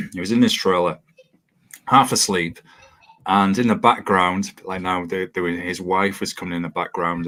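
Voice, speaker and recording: Deep-voiced podcast host. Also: male voice, pushed and bright. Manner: chatty, laughing, storytelling. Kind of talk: casual interview chat.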